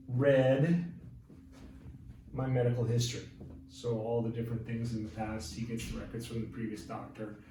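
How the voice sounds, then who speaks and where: A man in middle age teaches a Spanish grammar lesson, calmly walking through each point and pausing to check understanding. He sounds set back from the mic in a very echoey room, with a faint hum of ambience underneath. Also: mid-range voice, recorded from a distance. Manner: patient, explains step by step and checks understanding.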